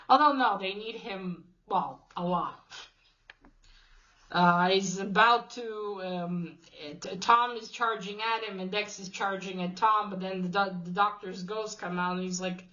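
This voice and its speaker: A woman talks through a story's plot at an unhurried, slow pace. She halts often and fills the gaps with small fillers and restarts. The recording sounds a little dull and lo-fi. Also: mid-range voice, bright, forceful tone. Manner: hesitant, halting with many fillers and restarts. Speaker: video host retelling a comic. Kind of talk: casual plot recap.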